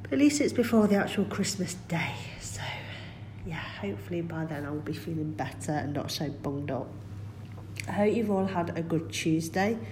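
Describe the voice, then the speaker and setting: A woman in middle age rambles cheerfully through a home vlog from her kitchen. Her voice sits low and sounds stuffed up from a cold. Faint home ambience hums in the background. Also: warm tone, slight background noise. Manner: chatty, rambling, self-deprecating. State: congested with a cold. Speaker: vlogger. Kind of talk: casual chat.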